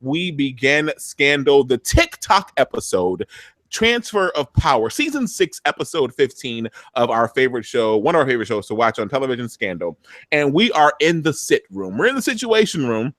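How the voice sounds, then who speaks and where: Guy hosting a live tv recap, rattles it off fast, acts out scenes, dead dry room. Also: medium pitch, dry recording. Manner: animated, acts out scenes in voices. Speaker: recap show host.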